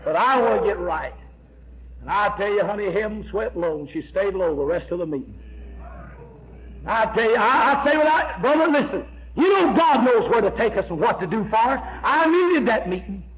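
A man preaching a fiery revival sermon, emphatic and repetitive, building to shouts as he tells his story. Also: sits high, very animated, brisk. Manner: emphatic, repeats "I tell you" and "amen", rises to shouts. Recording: dull lo-fi recording with faint hiss.

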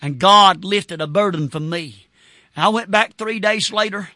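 A man preaching a sermon as a Baptist pastor, fervent, with shouting bursts and whoops. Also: sits high, moderate pace, dry recording, studio quality.

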